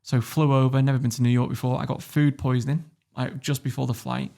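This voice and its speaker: Northern English man, podcast guest: fast, gravelly, animated storyteller, swears freely. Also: medium pitch. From Warrington, England. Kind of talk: casual interview storytelling.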